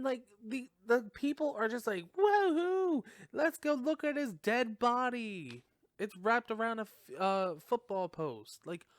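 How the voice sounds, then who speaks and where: A man's voice: fairly high pitch, a bit bright, no room sound, studio quality. A man hosting a podcast, recapping a film in a rambling, casual way, laughing often and swearing freely. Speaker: podcast host reviewing a film.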